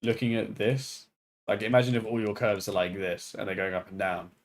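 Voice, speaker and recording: A man streaming animation work, explaining his process in a relaxed, everyday way. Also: fairly low pitch, brisk. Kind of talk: casual chat on a stream.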